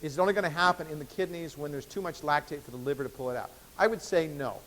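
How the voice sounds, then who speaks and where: A biochemistry professor gives a conversational university lecture, full of fillers and restarts, in an echoey lecture hall. His voice is a little high and a bit bright, he speaks quickly, and there's a little hiss or hum.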